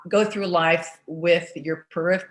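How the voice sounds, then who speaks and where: A woman in her sixties, an interview guest, telling her story in a chatty, energetic way with many "you know" fillers. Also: lowish voice, normal speed. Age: 60s.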